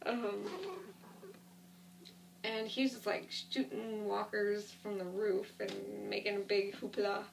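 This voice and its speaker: Rambling woman with a gravelly voice. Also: mid-range voice, flat delivery, slow pace, slight background noise. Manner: rambling, self-correcting, lots of 'like'. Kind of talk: casual retelling of a TV episode. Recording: distant mic.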